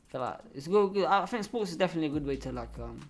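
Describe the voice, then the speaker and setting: Fast-talking young guy. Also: a little high, lively intonation. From Algeria. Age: 20s. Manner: fast, laid-back, lots of slang and "man". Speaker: guest, fighter. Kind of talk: casual podcast chat.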